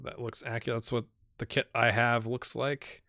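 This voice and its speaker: A man's voice: medium pitch, level tone, moderate pace, creaky, bright, forceful tone, no echo, clean studio sound. A man giving casual, chatty commentary while streaming a management game, talking to himself as he plays.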